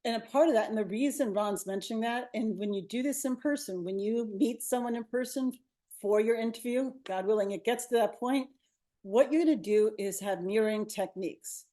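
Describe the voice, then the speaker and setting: A woman's voice: a little high, brisk, dark tone. A woman co-hosting a webinar, giving upbeat interview coaching over a video call with a clip-on mic. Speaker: co-host, media coach. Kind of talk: webinar advice talk. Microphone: lavalier on a video call.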